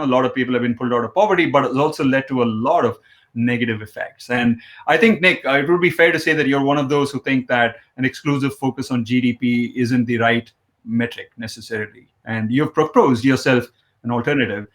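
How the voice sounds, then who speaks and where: A man's voice: mid-range voice, fairly bright tone. Chatty male host of a live show. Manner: chatty, joking, with many fillers and restarts. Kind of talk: live online interview.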